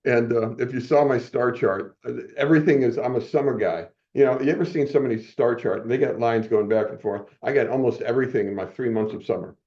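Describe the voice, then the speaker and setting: Speaking quickly at medium pitch, with a mellow sound and hardly a pause, an older man spins a rambling personal anecdote on a podcast. He chuckles frequently and corrects himself mid-story in a casual interview recorded with muffled, dull audio.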